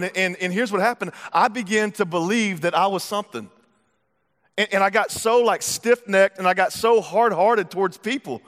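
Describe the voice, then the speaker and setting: A man preaching a sermon as pastor, lively and conversational, with repeated words and acted-out asides. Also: sits high, normal speed. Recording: long hall reverb.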